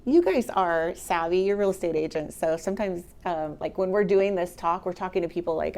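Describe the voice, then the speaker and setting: A middle-aged woman giving a motivational real estate talk to a live audience, chatty and animated, speaking straight to the room. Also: on the low side, a little fast, hardly any pauses. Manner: conversational, animated, addresses the audience directly.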